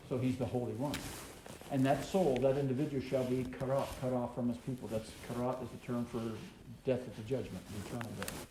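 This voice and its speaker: Warm in tone and brisk, a medium-pitched man from the American South teaches a Torah portion with fairly even intonation. As a Bible teacher, he reads verses aloud and then explains them, peppered with ums and uhs, in a room that echoes with faint noise.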